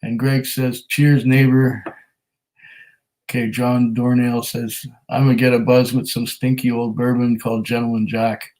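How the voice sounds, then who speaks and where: A man's voice: mid-range voice, flat delivery, measured pace, darkish tone, low-quality recording. A man hosting a casual whisky livestream at home, reading viewer comments aloud in an easygoing, chatty way with frequent ums and restarts.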